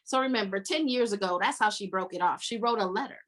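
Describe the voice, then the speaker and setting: A woman hosting a casual book-club podcast, retelling scenes with lively acted-out quotes. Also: mid-range voice, quick pace. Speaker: podcast host.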